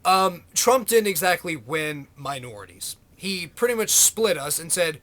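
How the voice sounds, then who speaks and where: A man's voice: high-pitched, sing-song, measured pace, hardly any pauses, fairly bright tone. A man ranting to camera in a vlog, sarcastic, exasperated and swearing freely. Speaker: vlogger. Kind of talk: political rant to camera.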